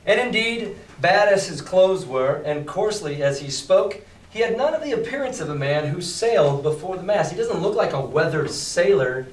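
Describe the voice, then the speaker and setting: A male teacher reads a novel aloud to his class and stops to explain it, putting the story into casual, chatty slang. His voice sits a little high. It sounds roomy and distant, as if recorded from the back of the classroom. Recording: roomy classroom, mic far off.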